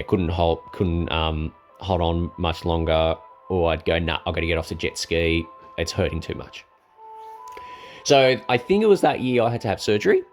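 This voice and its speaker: Young man, casual rambling storyteller, low voice with a swinging, animated pitch. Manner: rambling, with many ums and restarts.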